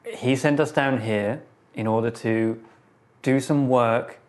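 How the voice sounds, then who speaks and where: A man's voice: medium pitch, slow. A man speaking in character as a player in a tabletop game, polite and a little hesitant.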